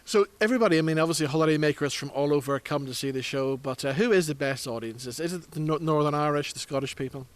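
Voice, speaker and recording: A man's voice: on the high side, quick pace, few pauses. Man hosting a TV chat show. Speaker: TV show host. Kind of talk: broadcast interview.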